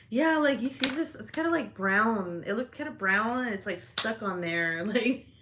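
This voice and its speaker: A woman's voice: on the high side, very animated, slow, background noise. A woman hosting a casual livestream chat, laughing often and swearing freely as she reacts to comments. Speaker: livestream host. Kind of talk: casual live-stream chat.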